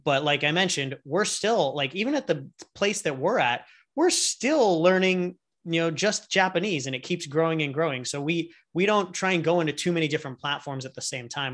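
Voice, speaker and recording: A man, a guest entrepreneur and coach, talking casually in an interview and acting out little scenes as he explains. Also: a little high. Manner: animated storyteller who acts out little scenes.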